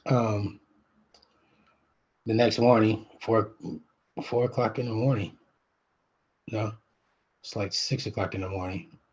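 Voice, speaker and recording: A middle-aged man, a vlogger, telling a personal story in a halting way, with many restarts and fillers. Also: lowish voice, steady tone, breathy edge, dull audio. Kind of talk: personal vlog, emotional recollection.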